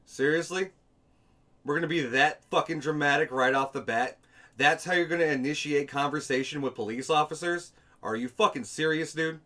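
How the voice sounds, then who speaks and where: Man, commentary host, sarcastic, exasperated, slightly high voice. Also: brisk, pushed and bright. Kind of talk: casual commentary over footage.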